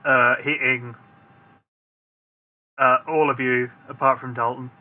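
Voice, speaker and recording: A man narrating a tabletop game as dungeon master, relaxed and hesitant, with many filler sounds. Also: medium pitch, slow, narrow, tinny audio.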